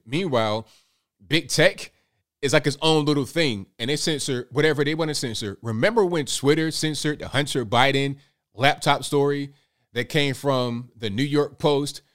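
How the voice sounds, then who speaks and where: A man giving casual political commentary, animated and sarcastic, with mocking asides and frequent repeated words. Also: mid-range voice.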